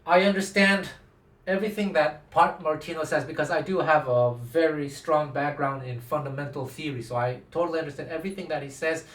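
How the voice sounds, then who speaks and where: A man's voice: on the high side, fairly even intonation, fairly quick, fairly bright tone. A man, a guitar teacher, talking casually to camera, acting out quoted dialogue with frequent restarts. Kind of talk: casual talking-head lesson. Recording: roomy echo, speaking from a distance from the mic.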